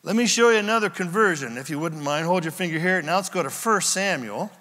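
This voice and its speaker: Pastor guy preaching, acts out the scenes, bright sharp tone, church echo. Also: high-pitched, brisk. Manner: lively storytelling preacher, acting out scenes. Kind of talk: sermon.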